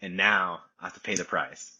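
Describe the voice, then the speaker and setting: A man's voice: deep voice, moderate pace, bright, forceful tone, slightly rough, highs cut off. A young man telling stories in a laid-back casual chat, saying dude a lot and acting out voices. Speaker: podcast guest.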